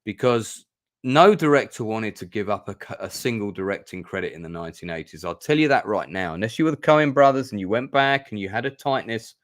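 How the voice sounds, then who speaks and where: A man's voice: fairly low pitch, lively intonation, a little fast, no echo, clean studio sound. A man hosting a casual film review stream, talking in a rambling, hesitant way with many fillers and emotional asides. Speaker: host.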